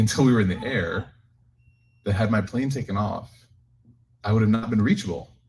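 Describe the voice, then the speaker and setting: A man's voice: fairly low pitch, a little hiss or hum. A man leading a Quran reflection for a community group, giving a casual religious talk full of jokes and personal stories that he tells straight to his listeners. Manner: animated, joking storyteller, addresses audience directly. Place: community gathering, live-streamed.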